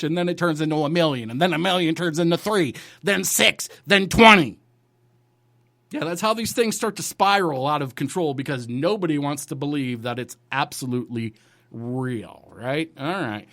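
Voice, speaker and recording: A man's voice: on the high side, normal speed, a bit bright, no echo, studio quality. A man hosting a news commentary show, blunt and profane, ranting over headlines.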